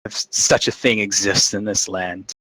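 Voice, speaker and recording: A man's voice: lowish voice, steady tone, measured pace, bright, forceful tone, dry recording, low-quality recording. A man voicing a grieving young village man who stammers and repeats himself. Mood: disbelieving. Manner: shaky, hesitant, repeats words. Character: grieving young male villager, nervous and fearful.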